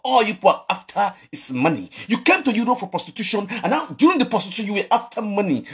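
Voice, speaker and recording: Raspy high-voiced Nigerian man ranting. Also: sing-song, rapid-fire, hardly any pauses, fairly bright tone. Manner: scolding, mocking, repeats phrases, laughs between lines. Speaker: online commentator. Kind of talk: ranting vlog commentary.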